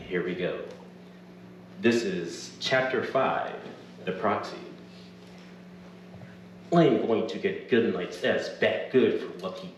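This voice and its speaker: Brief: male author, dramatic live reading, slow and lively, distant echoey hall. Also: medium pitch, slight background noise. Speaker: author reading his own novel. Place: event venue with audience. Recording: echoey room from far off.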